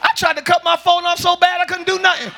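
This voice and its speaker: A man preaching a lively sermon as pastor to a congregation, joking and calling out to them. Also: extremely high pitch, fast talker, vocal fry, a crowd in the background, noisy background. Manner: shouting, joking, calls to the congregation. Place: large church with congregation.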